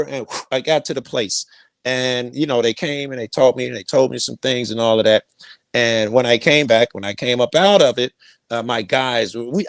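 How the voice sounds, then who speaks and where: A man's voice: mid-range voice, no room sound. A middle-aged man telling a rambling personal story, profane and repeating himself. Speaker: guest storyteller.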